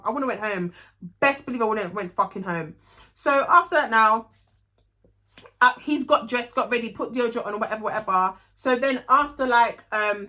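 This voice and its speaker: A young London woman tells a storytime tale in a casual vlog. Her voice is bright and clear, a little high for a woman. She is blunt, animated and swears freely. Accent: London English. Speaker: vlogger.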